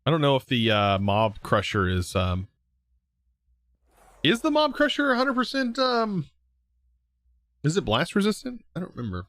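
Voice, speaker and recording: A young man live streaming, chatting casually with viewers in a relaxed, rambling way full of fillers and restarts. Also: on the high side, moderate pace, long pauses, no echo. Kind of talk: casual chat reading viewer comments.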